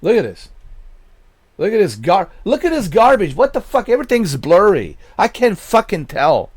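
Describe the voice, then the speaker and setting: A man ranting angrily about video games, swearing constantly and breaking into shouts. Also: high-pitched, huge pitch swings, moderate pace, husky, no room sound. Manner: profane, shouting in bursts. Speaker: gaming channel host. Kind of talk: angry rant commentary.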